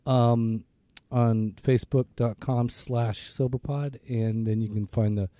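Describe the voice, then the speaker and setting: A man co-hosts a laid-back podcast while nursing a sore throat, so his voice sounds rough. His tone is dark and mellow, recorded close and dry with no room sound. He rambles and stumbles through his lines, poking fun at himself. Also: medium pitch, steady tone, a little slow, no echo. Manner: rambling, stumbling, self-mocking. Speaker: podcast co-host. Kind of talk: casual chat.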